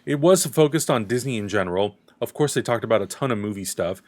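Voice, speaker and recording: A man's voice: medium pitch, lively intonation, fast talker, a little mellow. A man hosting a casual fan discussion, talking enthusiastically and a little rambling before signing off to viewers. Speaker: podcast host.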